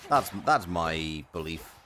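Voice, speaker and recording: A man's voice: extremely low pitch, lively intonation, takes it slowly, a bit bright, slight background noise. A man streaming a game live, chatting casually and reading out chat messages between plays. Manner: chatty, rambling, reads chat aloud. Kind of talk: casual live gaming commentary.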